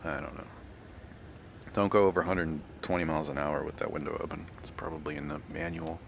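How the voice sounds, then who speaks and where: A man's voice: rumbling low, steady tone, fairly quick, gravelly, a little hiss or hum. A man casually thinking aloud and rambling while playing a driving game. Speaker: gaming channel host. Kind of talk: casual gameplay commentary.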